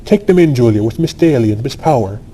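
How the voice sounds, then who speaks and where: A man's voice: mid-range voice, lively intonation, fast, warm tone, slight background noise, natural voice. A man voicing a fussy elderly aunt who hosts a party, speaking in curt, bustling commands. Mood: brisk. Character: fussy elderly aunt hostess, anxious and brisk.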